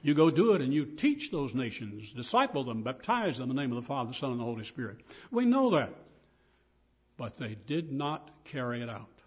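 A man's voice: mid-range voice, expressive, fairly quick, few pauses, breathy edge, lo-fi sound. An older man preaching a sermon, earnest and emphatic as he quotes and explains scripture.

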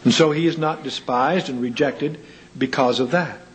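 Speaking at normal speed over poor audio, a male preacher delivers a sermon. His rhetorical questions rise and fall widely in pitch, and he shares anecdotes laced with dry humor.

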